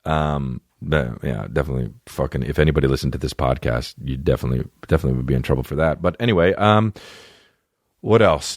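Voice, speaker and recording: A man's voice: extremely low pitch, fairly quick, dry recording, clean studio sound. A man in his twenties hosting a comedy podcast in casual, profane, rambling chat, often slipping into goofy voices. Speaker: podcast host.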